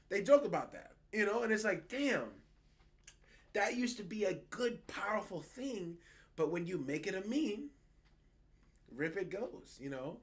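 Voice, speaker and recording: Animated, swearing man on a podcast. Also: high voice, normal speed. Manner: animated, profane, mocking quoted voices. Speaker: podcast co-host. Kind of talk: casual political chat.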